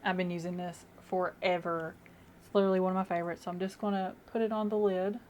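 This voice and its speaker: A woman's voice: lowish voice, level tone, fast talker, darkish tone, slight background noise. A young woman vlogging casually as she does her makeup, chatty and rambling with many fillers, at home. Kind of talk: casual get-ready-with-me chat.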